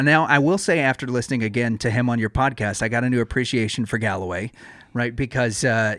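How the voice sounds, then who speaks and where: Rambling thirty-something podcast host. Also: male voice, medium pitch, fairly bright tone, dry recording. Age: 30s. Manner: rambling, laughs often, restarts. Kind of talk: casual chat.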